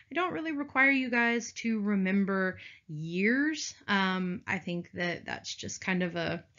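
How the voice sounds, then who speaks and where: A woman's voice: medium pitch, a bit bright. Chatty woman teacher, lo-fi sound. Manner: chatty, addresses class as "you guys", playful asides. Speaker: history teacher. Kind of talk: video lecture. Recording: dull lo-fi recording.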